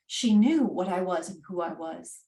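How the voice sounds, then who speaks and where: A woman's voice: lowish voice, normal speed, warm tone, close to an everyday voice. A woman voicing a grateful, formal male wereraven winemaker, recorded roomy and from a distance. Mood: earnest. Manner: polite, formal and heartfelt.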